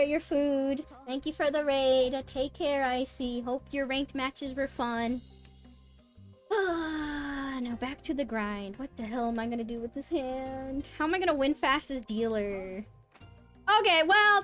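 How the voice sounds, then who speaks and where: This woman chats casually on a live game stream, cursing a lot and lurching from mumbled low mutters to high, squealing yelps of disbelief. Faint music plays in the background.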